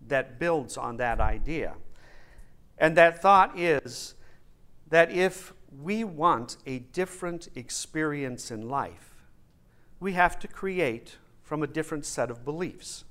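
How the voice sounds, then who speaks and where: A male minister preaching a sermon who speaks deliberately and repeats his key phrases for emphasis. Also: on the high side, fairly bright tone.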